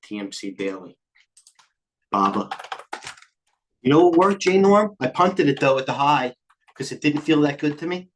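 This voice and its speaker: An older man hosting a live trading stream, talking quickly and jumping between stock tickers, a little out of breath. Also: fairly high pitch, expressive, slight background noise. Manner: rapid, scattered, jumps between tickers. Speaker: trading show host. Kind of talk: live market commentary.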